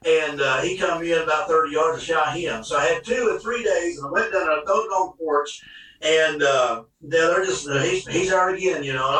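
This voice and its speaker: A man spinning a hunting yarn in a folksy, colloquial way. His voice is fairly high and bright and forceful. The sound is very roomy and heard from a step back off the mic. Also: normal speed. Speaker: hunting guest telling a story. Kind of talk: casual storytelling. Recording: echoey room, mic at a distance.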